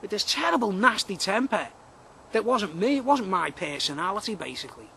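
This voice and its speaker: Rambling man, bright high voice. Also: big pitch swings, a little fast, creaky, slight background noise. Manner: rambling, repetitive, full of fillers. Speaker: vlogger. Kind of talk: rambling outdoor video monologue. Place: outdoors in woods.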